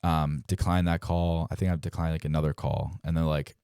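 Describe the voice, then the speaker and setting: A pro baseball player in his twenties, guesting on a podcast, tells casual stories briskly in a clear, resonant bass voice with some vocal fry. He's animated, acting out quoted dialogue and saying "like" often, captured in a dry, studio-quality recording.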